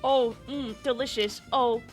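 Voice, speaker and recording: A woman streamer chatting casually and with animation, slipping into high baby talk with her pet bird. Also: fairly even intonation, measured pace, soft background music.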